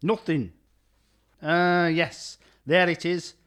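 The sketch's fed-up caller is played by a man whose grumpy sarcasm keeps tipping into anger at the help desk. His delivery is slow and steady, on the high side, with a fairly bright, clean tone.

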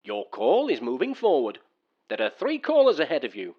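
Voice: medium pitch, huge pitch swings, normal speed, slightly rough, muffled recording. A performer voicing an automated phone queue system that makes recorded, impassive announcements.

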